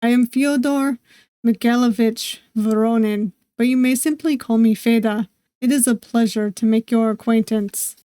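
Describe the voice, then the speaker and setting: A woman voicing a tall, courtly old-world nobleman with a deep, formal delivery and a slight put-on Russian accent. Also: steady tone, moderate pace, dark tone, no room sound, lightly acted. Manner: deep, formal and smooth, calling the listener darling. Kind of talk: game voice acting while reading aloud.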